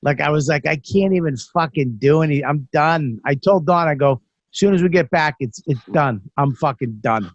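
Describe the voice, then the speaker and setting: Podcast host guy, swears a lot, makes fun of himself, trips over his words, kinda high voice, dry sound. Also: moderate pace, dry recording, highs cut off. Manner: profane, self-deprecating storytelling with many restarts. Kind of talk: casual chat.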